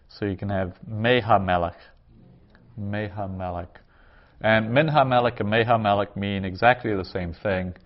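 Speaking in a lowish register, a man patiently explains Hebrew grammar to a class seated around a table, slowly sounding out each word. The audio is dull.

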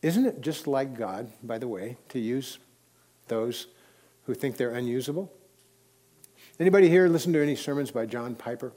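A man's voice: mid-range voice, normal speed, pauses often, warm tone. Conversational male preacher. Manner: conversational, storytelling, with sudden emphatic rises. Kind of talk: sermon.

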